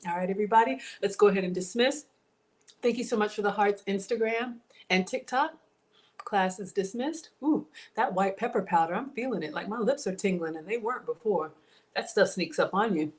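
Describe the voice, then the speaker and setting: A woman's voice: medium pitch, brisk. A woman hosting a casual cooking livestream, chatting with viewers about her food and reading their comments. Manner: chatty, reads viewer comments, says y'all.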